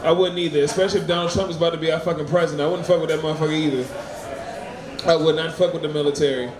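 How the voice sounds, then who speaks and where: A man doing a stand-up set with a high voice, loud and crude, often laughing at his own lines. His voice echoes through the room, and a crowd is clearly heard around him. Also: steady tone, very fast. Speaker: stand-up comic. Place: small open mic venue.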